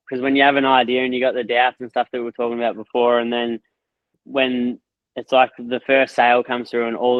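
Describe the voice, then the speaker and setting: A man, talking excitedly in a casual interview, swearing often and repeating himself. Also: mid-range voice, no room sound, narrow, tinny audio. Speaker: guest, course creator.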